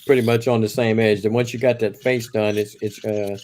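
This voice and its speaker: A man's voice: on the low side, level tone, fairly quick, a little mellow, slight background noise. A man co-hosting a live stream, reading viewer comments aloud and agreeing easily in casual chat.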